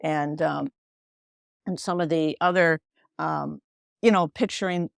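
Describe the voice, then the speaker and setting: Low gravelly woman, podcast guest, gentle and thoughtful, lots of "you know"s. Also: fairly even intonation, measured pace, dry recording, clean studio sound. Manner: gentle, reflective, many "you know" fillers. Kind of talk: casual interview talk.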